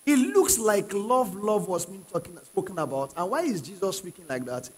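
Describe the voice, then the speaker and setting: A man's voice: sits high, very animated, moderate pace. A male pastor preaching a sermon to a live congregation, emphatic and repeating key phrases, often asking the crowd to answer. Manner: asks the congregation questions and prods them to answer. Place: church hall with live congregation. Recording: long reverb of a large hall.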